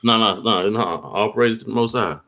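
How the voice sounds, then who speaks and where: A street preacher with a fairly low, pushed, bright voice preaches and reads scripture aloud. He reads the verses slowly, poses rhetorical questions, and tags his lines with "man."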